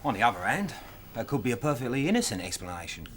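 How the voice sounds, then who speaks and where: An actor playing a teasing, mock-sympathetic prisoner. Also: male voice, mid-range voice, big pitch swings, quick pace, a bit bright, slight background noise. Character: smug, needling London prisoner.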